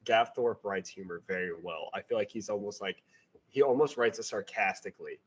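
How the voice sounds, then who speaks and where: A man's voice: fairly low pitch, brisk. A man co-hosting a casual book review podcast, talking sarcastically and mimicking characters as he retells scenes. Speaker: podcast co-host. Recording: dull lo-fi audio.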